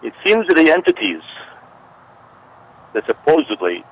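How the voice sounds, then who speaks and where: Speaking unhurriedly in a slightly high, very animated voice, a male interview guest explains things at length and keeps stressing his warnings in a conversational way. The audio is dull and lo-fi, with a little background noise.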